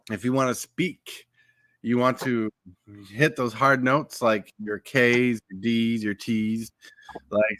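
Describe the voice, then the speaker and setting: A man's voice: mid-range voice, bright, forceful tone, dry recording. A man hosting a casual live podcast from his home at night, giving tips on speaking on camera. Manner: coaching, gives tips on projecting voice. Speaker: podcast host. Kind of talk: casual live-stream chat.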